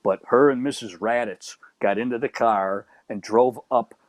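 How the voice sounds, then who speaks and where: A middle-aged man from Chicago's South Side, telling old neighborhood stories in a casual, animated chat. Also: mid-range voice, moderate pace, no echo. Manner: animated, acts out quoted voices. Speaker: guest storyteller.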